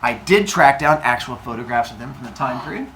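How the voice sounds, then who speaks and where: Animated jokey male storyteller. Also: medium pitch, fairly quick, a little hiss or hum. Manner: animated, jokey, acts out voices. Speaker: storyteller for kids. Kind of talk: comic myth retelling to a live audience.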